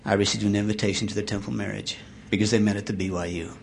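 A man giving a sermon, reading scripture aloud in a measured way that slows and swells on the verses. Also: fairly low pitch, flat delivery, gravelly, background noise. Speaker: church speaker.

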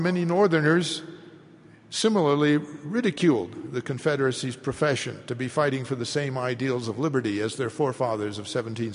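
A man giving a measured history lecture, rising in emphasis as he reads out quotations. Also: mid-range voice, big-room sound. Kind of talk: lecture delivered to an audience.

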